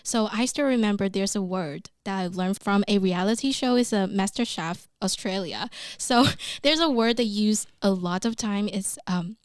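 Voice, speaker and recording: A woman's voice: medium pitch, normal speed, few pauses, clean tone. A woman hosting a casual podcast chat in a recording studio, chatty and giggly, with frequent fillers. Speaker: podcast host.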